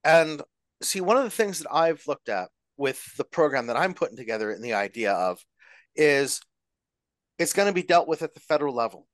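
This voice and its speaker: A man's voice: a little high, lively intonation, normal speed, no echo. A man on a podcast roundtable explaining his idea in a rambling, explanatory way. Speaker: roundtable guest. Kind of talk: podcast discussion.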